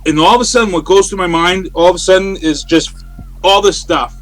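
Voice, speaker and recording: A man, a guest on an interview show, telling a story in a casual, animated way over a remote call. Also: high-pitched, fairly quick, soft background music. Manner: animated, acts out quoted voices. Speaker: interview guest, radio personality. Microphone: remote call from home.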